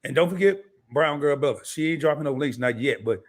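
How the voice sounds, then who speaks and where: A hoarse man hosting a live interview stream, joking around in a loud, slangy, animated way. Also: a little high, brisk. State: hoarse from laryngitis. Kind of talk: casual live-stream chat.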